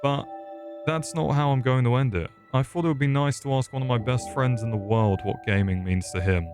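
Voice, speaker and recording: A man's voice: mid-range voice, steady tone, fairly quick, music in the background. A man reading a rambling, self-mocking scripted video essay, stuttering and going off on tangents. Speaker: YouTube host.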